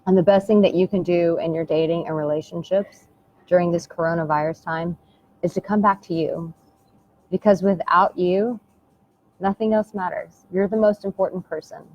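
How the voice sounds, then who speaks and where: An American woman talks straight to her viewers in a soft, earnest, intimate way, looping back over her words to press each point home. Her voice sits a little low. The recording is dull and lo-fi, with a faint hiss in the background. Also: fairly even intonation, normal speed. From United States. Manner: earnest, soft and intimate, with repeated phrases and endearments. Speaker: dating and relationship coach. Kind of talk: heartfelt motivational talk to camera.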